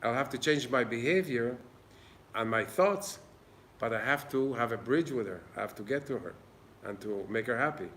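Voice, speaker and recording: A man's voice: mid-range voice, expressive, moderate pace, fairly bright tone, slight background noise. Earnest man teaching Torah. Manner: earnest, plain-spoken, acts out little dialogues. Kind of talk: informal Torah class. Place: old synagogue.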